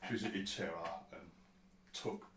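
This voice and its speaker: A man's voice: low-pitched, a little slow, fairly bright tone, a little hiss or hum. A man narrating a tabletop game as game master, rambling and sweary, with many restarts. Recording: roomy sound from a distant mic with faint ambience.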